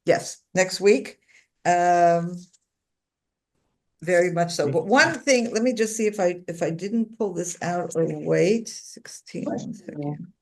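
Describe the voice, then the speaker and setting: A woman's voice: fairly low pitch, measured pace. Woman teaching a Bible class. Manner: reads a verse aloud, then explains it informally; conversational, with frequent fillers and asides to the class. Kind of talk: interactive class lecture.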